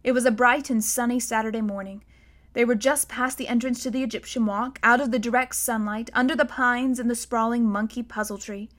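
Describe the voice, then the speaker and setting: A woman's voice: a little high, fairly even intonation, a little fast, fairly bright tone. A woman reading a novel aloud as narrator, telling the story evenly and without hurry. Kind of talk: audiobook narration.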